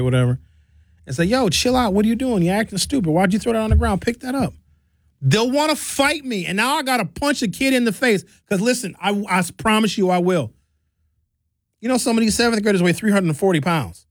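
With a fairly high pitch and a dry recording, a fifties-aged commentator rambles through a blunt, profane monologue. His storytelling is lively, complete with acted-out quotes.

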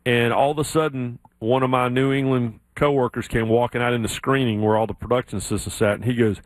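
A man from South Carolina with a Southern accent, hosting a sports radio show and telling stories with lively put-on voices. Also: fast, hardly any pauses, dry recording. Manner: animated storyteller, mimics others in high voices. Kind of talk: casual sports radio chat.

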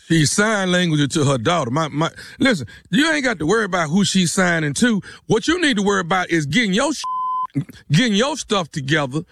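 A man playing a radio prank call, loud and confrontational, with casual streetwise talk. His voice sits high and jumps around a lot, with a gravelly edge, recorded dry and close. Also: sing-song, brisk, no echo.

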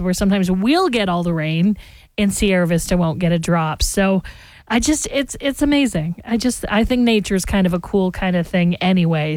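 A woman's voice: medium pitch, a little mellow, no echo. A woman hosting a morning radio show, chatting casually and rambling straight to her listeners. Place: radio studio. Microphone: studio microphone.

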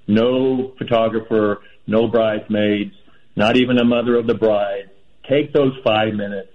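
A man calls into a radio show and gives friendly, earnest advice in a middle-pitched voice. The phone line muffles him and makes him sound dull. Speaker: radio caller. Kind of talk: casual call-in chat.

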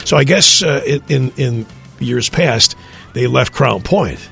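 A man's voice: mid-range voice, expressive, a little slow, vocal fry, fairly bright tone, faint music behind. A man hosting a radio show, reading the weather and chatting in a rambling, jokey way. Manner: rambling, jokey, self-interrupting. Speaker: radio morning show host. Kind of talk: casual radio banter and weather.

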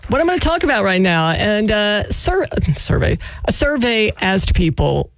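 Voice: mid-range voice, sing-song, moderate pace, dry recording. A country radio DJ in casual on-air chat, giggly and self-mocking, on a studio mic in a radio studio.

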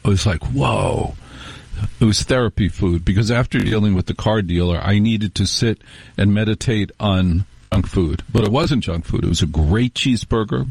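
A man's voice: lowish voice, moderate pace, darkish tone, slightly rough, no room sound. A middle-aged man hosting a talk radio show, telling rambling, wry stories with restarts in a casual monologue.

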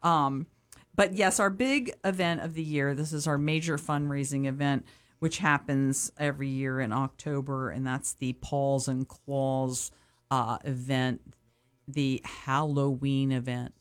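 A woman's voice: extremely low pitch, fairly even intonation, a little slow. Cheerful chatty woman guest. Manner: cheerful, chatty, laughs easily. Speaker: animal shelter board member, guest. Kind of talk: casual radio interview.

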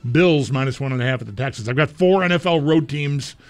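A man's voice: mid-range voice, quick pace. A man co-hosting a sports radio show, chatting casually and thinking his picks through aloud. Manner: conversational, mulling picks aloud.

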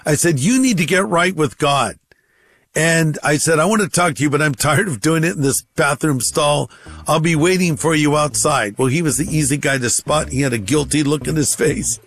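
A man who is a pastor, telling a lively first-person anecdote and acting out both sides of the dialogue. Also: on the high side, normal speed, slightly rough. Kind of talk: anecdote told on radio.

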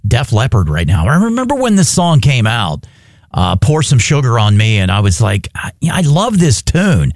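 A male radio DJ on a classic rock station, talking in a loose, chatty way and telling stories with lots of "uh"s. His pitch swings widely as he talks. The sound is dry and close, with almost no room. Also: sing-song, moderate pace, no echo. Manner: chatty, storytelling with fillers. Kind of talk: casual on-air chat.

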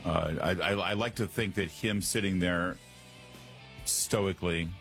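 A man's voice: deep voice, unhurried, a bit bright, faint music behind. A man hosting a talk radio show, commenting in a sarcastic, mocking way from a studio microphone.

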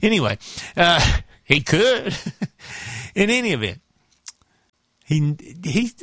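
A man's voice: fairly high pitch, big pitch swings, a little slow, creaky, long pauses, a bit bright, no room sound, studio quality. A man with a Southern accent hosting a morning radio show in a folksy, rambling chat. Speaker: radio host.

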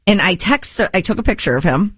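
A woman's voice: medium pitch, big pitch swings, a little fast, slightly rough, dry recording. A woman chatting casually, telling a story with frequent laughs.

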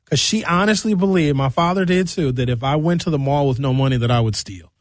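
This comedic radio monologue comes from a middle-aged host spinning loose, bawdy tales and performing the characters' voices. He speaks fairly quickly in a fairly high pitch, and the recording is dry.

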